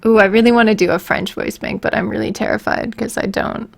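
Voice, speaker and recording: A woman's voice: mid-range voice, steady tone, brisk, creaky. A woman on a casual livestream, answering viewer questions in a rambling, giggly, self-deprecating way.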